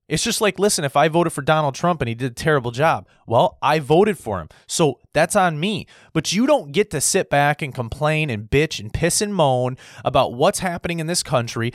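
A man's voice: fairly high pitch, no echo, clean studio sound. A man delivering a blunt, combative opinion rant, repeating himself and swearing as he goes. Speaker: political commentator. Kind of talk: ranting opinion monologue.

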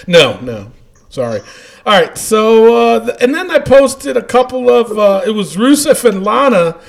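A man's voice: high voice, unhurried, gravelly. A man hosting a casual podcast, reading out listener comments and laughing often. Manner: animated, laughing often, trailing off quietly. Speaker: podcast host.

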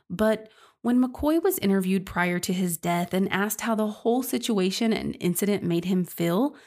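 A woman's voice: mid-range voice, creaky, a little mellow. A young woman hosts a true crime podcast. Her voice sits in a middle register, and she narrates in an earnest, scripted way. She addresses her listeners casually and directly. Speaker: podcast host.

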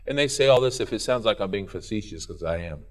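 A male pastor preaching a sermon in a church, swinging between loud urging and quiet intensity. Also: fairly low pitch, expressive, fast.

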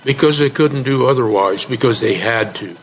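A man's voice: medium pitch, normal speed, a crowd in the background. A man on a radio talk show panel, telling old fables in a folksy way and reading aloud from a historical journal. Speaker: co-host and regular panelist. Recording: dull lo-fi radio broadcast with light noise.

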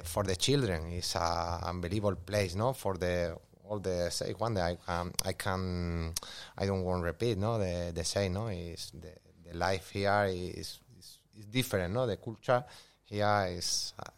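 A man's voice: low voice, unhurried. A man from Spain with a Spanish accent, speaking English as a second language, hesitant and repeating himself, often ending phrases with "no?". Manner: hesitant, repeating words, tagging "no?". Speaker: guest footballer. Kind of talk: casual interview.

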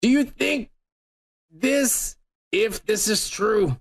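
A man's voice: high voice, extremely slow, creaky. A man hosting a podcast in profane, blunt, joking casual chat. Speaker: podcast host.

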